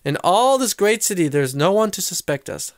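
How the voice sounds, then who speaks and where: A man's voice: sits high, sing-song, normal speed, no room sound, clean studio sound. A man voicing two bumbling adult male art thieves in a storybook reading. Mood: sneering.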